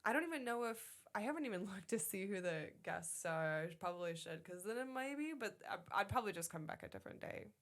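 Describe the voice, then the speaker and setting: A woman's voice: medium pitch, lively intonation, fast talker, few pauses, a bit bright. A woman co-hosting a podcast in casual chat, rambling and swearing freely. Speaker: podcast co-host.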